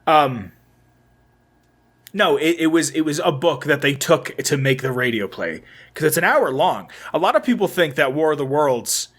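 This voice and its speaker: A man's voice: on the high side, animated, normal speed, fairly bright tone. A young man co-hosting a podcast in casual chat, rambling and swearing loosely, often trailing off and restarting. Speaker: podcast co-host.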